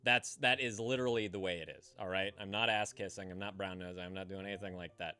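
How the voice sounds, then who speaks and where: A man's voice: low-pitched, fairly even intonation, fast talker, sharp tone, clear, resonant tone. A man hosting a casual live-stream call-in show, rambling and profane, stammering and restarting as he chats with viewers.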